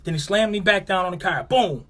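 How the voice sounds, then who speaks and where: A man's voice: sits high, fairly quick. A man with a Buffalo, New York accent, co-hosting a podcast, telling a story in casual chat and acting out quotes with a raised voice. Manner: animated, acts out quotes with raised voice. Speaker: podcast co-host.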